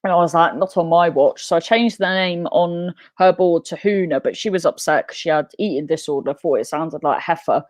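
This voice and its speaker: A woman's voice: fairly low pitch, steady tone, fairly quick, few pauses, no room sound. A woman in her thirties telling a comic story about herself in a chatty, self-mocking way, laughing often. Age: 30s.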